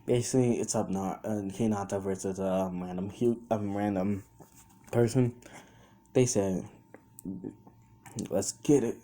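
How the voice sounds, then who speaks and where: A man's voice: fairly low pitch, fairly even intonation, unhurried, long pauses, warm tone, slight background noise. A young man casually retelling a fan story off the cuff, rambling with many fillers and restarts. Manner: quotes characters in his own voice.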